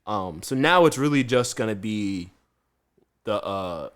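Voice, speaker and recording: A man's voice: fairly low pitch, a little slow, smooth. Chef guy hosting a podcast, telling stories, laughing a lot. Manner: animated storyteller, laughs often. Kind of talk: casual podcast chat.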